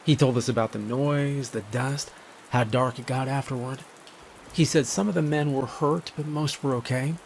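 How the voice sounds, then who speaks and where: A man telling a first-person horror story in a measured, grave scripted narration. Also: medium pitch, fairly even intonation, creaky, a little hiss or hum.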